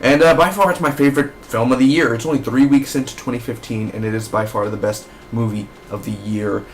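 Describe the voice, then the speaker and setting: Young guy raving about a movie, loose and rambly, cusses a lot, average pitch. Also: steady tone, fairly quick, slight background noise. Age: young adult. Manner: enthusiastic, rambling, swears freely. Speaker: movie reviewer. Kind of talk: casual spoken movie review.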